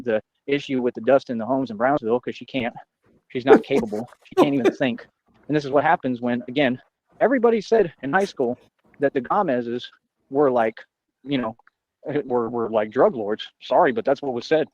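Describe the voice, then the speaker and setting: A man's voice: medium pitch, a little mellow, no echo, lo-fi sound. A man on a livestream ranting in a boastful, confrontational, rambling way.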